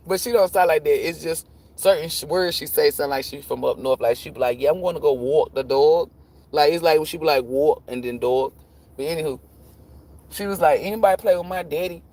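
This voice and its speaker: With a slightly high, darkish voice, this tarot livestream host tells profane stories in a casual, chatty way. Frequent laughter punctuates his talk, and he performs the voices of whoever he's quoting.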